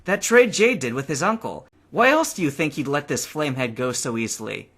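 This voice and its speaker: A man's voice: a little high, lively intonation, brisk, fairly bright tone. A man doing a sly, prankster creature girl. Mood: teasing. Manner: teasing, sly. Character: mischievous female ghost-like creature prankster.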